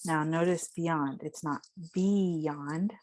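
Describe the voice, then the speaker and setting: Woman voice teacher, unhurried, casual lesson delivery, demonstrates sounds as she explains. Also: fairly low pitch, a little mellow.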